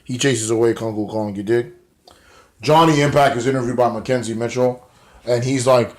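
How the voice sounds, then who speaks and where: A man's voice: medium pitch, fairly even intonation, moderate pace. A man giving a casual, profane, slang-heavy recap of a television show. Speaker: show reviewer. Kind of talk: casual video review.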